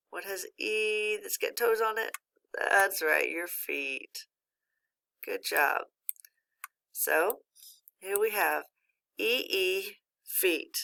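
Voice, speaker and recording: A woman teaching a phonics lesson, patient and encouraging, pausing for answers as if students were replying. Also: mid-range voice, vocal fry, pushed and bright.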